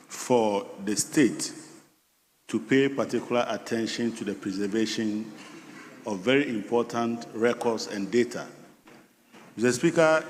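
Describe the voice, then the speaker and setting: Measured Ghanaian man debating in parliament. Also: medium pitch, a little hiss or hum. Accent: Ghanaian English. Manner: measured, deliberate. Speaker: member of parliament. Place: large parliament chamber. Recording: reverberant chamber with faint ambience.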